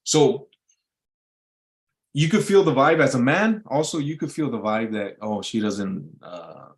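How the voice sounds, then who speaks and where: A man's voice: mid-range voice, lively intonation, a little slow. A man hosting a show, giving blunt, profane advice in a casual rant, often asking "you know what I mean". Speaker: show host.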